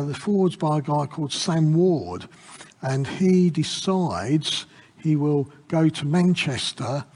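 Slow, husky man reflecting earnestly. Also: fairly high pitch, a little mellow, big-room sound. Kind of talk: informal Bible reflection.

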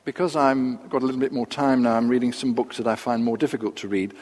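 An older man preaching a sermon, measured and unhurried, with pauses and asides. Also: medium pitch, fairly even intonation, darkish tone. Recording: long reverb of a large hall.

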